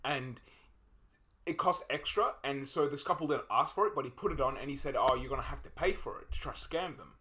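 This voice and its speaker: A man's voice: medium pitch, animated, fairly quick, sharp tone. A young man co-hosting a podcast, casually retelling film scenes in a rambling way with many fillers and restarts. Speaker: podcast co-host.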